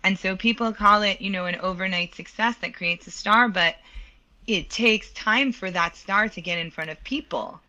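A woman in her thirties, an opera singer, tells stories from her career in an animated way during an interview. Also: mid-range voice, normal speed. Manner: animated, laughs often, acts out quoted lines. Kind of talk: storytelling in a podcast interview.

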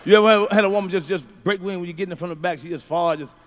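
A middle-aged man doing a stand-up comedy routine, telling profane stories that swing from low mutters to loud shouts. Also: fast talker. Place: large comedy venue stage. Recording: live show, faint crowd ambience.

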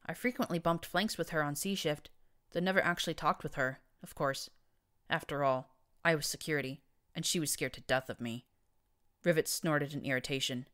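A woman narrating fiction in first person, reading with a wry, even delivery. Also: deep voice, a little fast. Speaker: audiobook narrator.

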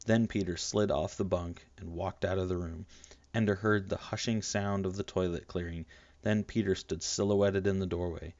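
Low-voiced man reading an audiobook. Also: a little mellow, no echo, muffled recording. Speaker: audiobook narrator. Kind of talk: scripted audiobook narration.

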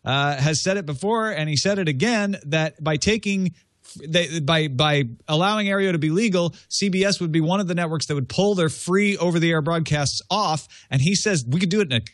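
A man's voice: fairly high pitch, moderate pace, no room sound. A man hosting a casual tech news podcast, reading out items and then talking them over loosely. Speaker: podcast host.

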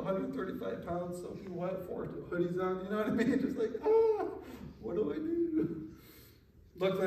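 A man preaching a sermon as pastor, telling stories in a lively, animated way and laughing often. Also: fairly high pitch. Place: church sanctuary. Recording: echoey hall, mic from far off.

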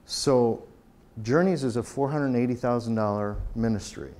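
A man's voice: mid-range voice, normal speed, darkish tone. A man speaking as a pastor, giving a conversational talk and acting out the quoted exchanges in his stories. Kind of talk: conference talk.

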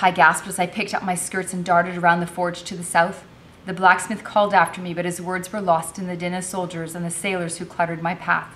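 A woman's voice: lowish voice, a bit bright, slight background noise. A woman teacher reading a novel aloud, narrating expressively.

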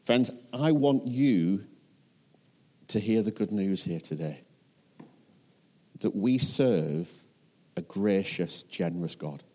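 A man's voice: fairly low pitch, animated, takes it slowly, pauses often, mellow. A man with a Northern English accent preaching a sermon as a pastor, earnest and often putting questions to his listeners.

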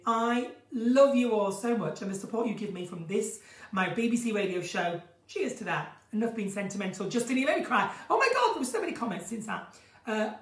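A croaky woman with a mid-range voice chats and gushes through viewers' comments on an unscripted live stream from her country home, flamboyant and prone to singing. Her phone is placed a little away, leaving her voice roomy and far off.

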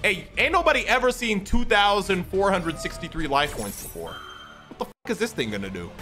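A man streaming a game, excitable and trash-talking with loud outbursts. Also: high voice, a little fast. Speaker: gaming streamer. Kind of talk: gameplay commentary. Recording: loud game music behind.

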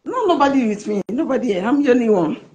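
A woman's voice: fairly high pitch, animated, fast talker, dark tone, muffled recording, slight background noise. A woman in her forties with a Nigerian Yoruba accent, calling in over a video call, nervous, giggly and hesitant. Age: 40s. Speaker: caller.

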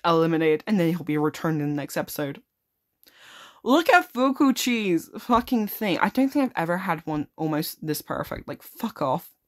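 A woman playing a simulator game, reading on-screen text aloud and reacting with frequent swearing in casual commentary. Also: lowish voice. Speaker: gaming video creator. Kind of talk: casual let's-play commentary.

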